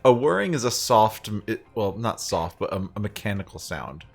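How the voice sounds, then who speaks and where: A man's voice: lowish voice, very animated, moderate pace, vocal fry, husky, faint music behind. A man from the United States co-hosting a let's play. He chats casually, laughs easily and tells meandering stories. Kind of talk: casual chat, storytelling.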